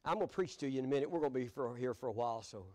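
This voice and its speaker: A man's voice: medium pitch, rapid-fire, a little mellow. An older man, a pastor telling folksy stories from the pulpit, chuckling as he goes. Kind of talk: storytelling sermon. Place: church sanctuary.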